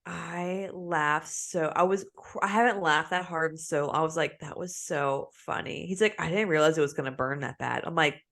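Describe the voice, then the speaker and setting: This young woman co-hosts a podcast, and her low, creaky voice moves at a moderate pace with hardly any pauses. Chatting casually, she tells an animated story, laughing often and acting out voices.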